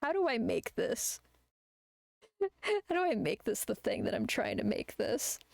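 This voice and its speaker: A woman's voice: a little high, big pitch swings, a little slow, gravelly, a little mellow, no room sound. A woman chatting casually while she draws on a live art stream, rambling and ranting with plenty of swearing. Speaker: artist streamer.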